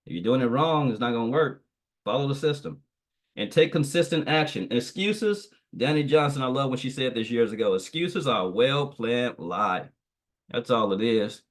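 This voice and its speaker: A man delivers a motivational training talk over a video call, in a preachy style that keeps repeating the same phrases. His voice sits at an ordinary middle pitch. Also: expressive, a little fast. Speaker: guest trainer.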